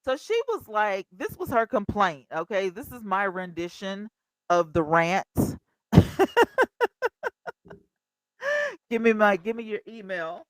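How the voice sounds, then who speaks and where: A woman in her fifties hosting a casual livestream, chatty and animated, talking straight to her viewers. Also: mid-range voice, moderate pace, no room sound, low-quality recording. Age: 50s. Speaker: livestream host.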